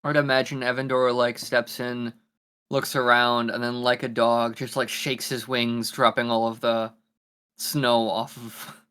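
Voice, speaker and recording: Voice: medium pitch, flat delivery, a little slow, a bit bright, clean tone. Casual tabletop game player. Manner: casual, joking, describes own character's actions.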